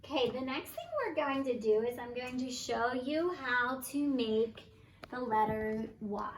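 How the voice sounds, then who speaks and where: A woman teaching young children, reading a story and leading a letter lesson with clear, sing-song prompts. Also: on the high side, a little slow. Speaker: preschool teacher. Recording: roomy, distant mic, faint background hum.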